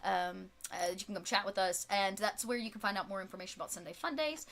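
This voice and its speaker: A woman's voice: mid-range voice, lively intonation, fast, fairly bright tone. A woman, the game master and host of the channel, chatting casually and in a friendly way after a game, with many fillers. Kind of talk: casual post-game chat.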